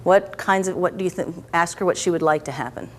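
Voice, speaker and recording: Gentle woman guiding a therapy session. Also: fairly low pitch, a little fast. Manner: gentle, coaxing questions with frequent "okay". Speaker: EFT practitioner.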